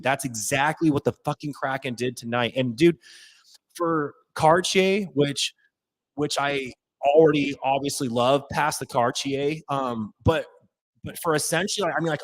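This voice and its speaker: A man's voice: mid-range voice, no echo, poor audio. A male podcast host, so worked up he can barely talk, rambles and swears in a live after-game rant. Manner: hyped, profane, rambling. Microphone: headphones off, desk mic.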